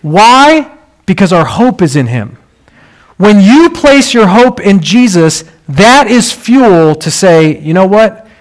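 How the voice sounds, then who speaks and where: A man's voice: high-pitched, big pitch swings, slow. A man preaching a sermon, telling stories in a conversational way and building to emphatic swells.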